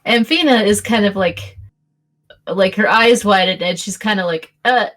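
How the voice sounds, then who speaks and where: A woman narrating a tabletop role-play game as game master, speaking in a chatty, halting way and often breaking into laughter. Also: medium pitch, fairly bright tone.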